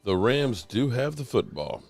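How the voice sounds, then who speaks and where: A man's voice: mid-range voice, very animated, unhurried, a little mellow. A man hosting a live stream, casually chatting and reacting aloud to a football game. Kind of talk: casual sports reaction chat.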